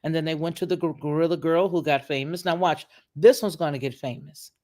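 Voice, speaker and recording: A woman's voice: low-pitched, fairly quick, mellow. A woman commenting on a video in a preacherly, emphatic way, quoting scripture as she goes. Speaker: online commentator.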